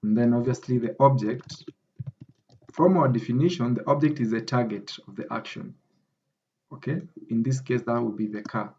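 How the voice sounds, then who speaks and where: A Kenyan-accented academic writing tutor explains grammar in a screen-recorded lesson, often checking in with "okay?". His voice is mid-range and dark-toned at a normal speed. The audio is dull, with slight background noise.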